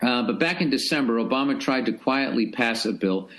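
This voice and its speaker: A man's voice: mid-range voice, expressive, fairly quick, a bit bright. An American man hosting a solo comedy podcast, ranting with heavy profanity and sarcasm. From United States. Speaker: podcast host.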